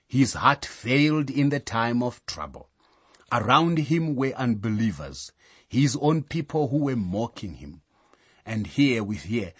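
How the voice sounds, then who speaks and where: A man delivers a sermon at an unhurried, deliberate pace, reading verses and then unpacking them. His voice has a husky, slightly grainy edge. The sound is dry and close, with no room echo. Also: mid-range voice. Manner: slow, measured, reads scripture aloud then explains. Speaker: preacher.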